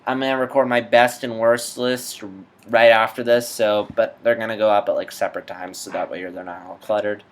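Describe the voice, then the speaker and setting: A man's voice: lowish voice, flat delivery, fairly quick. A man hosting a casual comedy vlog with a self-deprecating, offhand manner. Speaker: vlogger.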